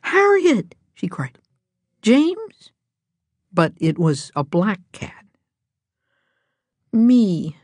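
A woman voicing a young female winged cat in a storybook reading, soft and plaintive. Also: lowish voice, lively intonation, extremely slow, long pauses, no room sound, studio quality, heavily acted. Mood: surprised.

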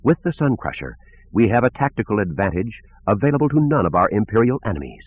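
Forceful, hawkish male senator, low and husky, as a man reads him; phone-thin sound. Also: very animated, fast talker, no echo. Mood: insistent. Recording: tinny phone-like lo-fi audio.

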